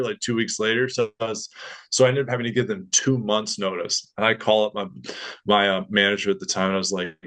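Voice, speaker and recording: A man's voice: fairly low pitch, a little fast. A young man, a podcast guest, telling a story in casual chat and acting out the voices of the people he quotes. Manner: animated, acts out others' voices in quotes.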